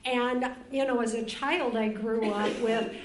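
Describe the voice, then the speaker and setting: A woman's voice: fairly high pitch, steady tone, unhurried. An older woman from Cleveland, Ohio, giving a candid, rambling personal testimony as a speaker on a recovery panel. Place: conference room at a retreat. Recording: roomy conference room.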